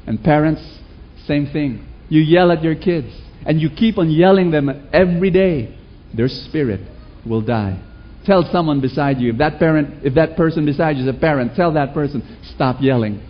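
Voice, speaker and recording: A man preaching a sermon to a congregation, animated, with rhetorical questions and sudden shouts. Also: fairly high pitch, normal speed. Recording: dull lo-fi recording.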